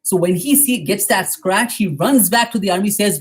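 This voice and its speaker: A man giving a storytelling history lecture at a mosque, retelling events quickly and often checking in with "right?". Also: sits high, slightly rough.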